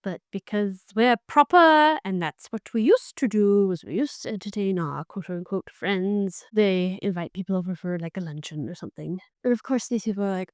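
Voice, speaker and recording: A woman hosting a book podcast, giving a casual, animated recap and slipping into characters' lines as she goes. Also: medium pitch, moderate pace, no echo, clean studio sound.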